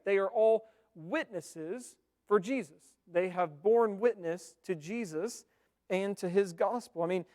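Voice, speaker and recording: In a reverberant church hall, a pastor preaches conversationally and frequently puts questions to his congregation. His voice is high-pitched and a little mellow.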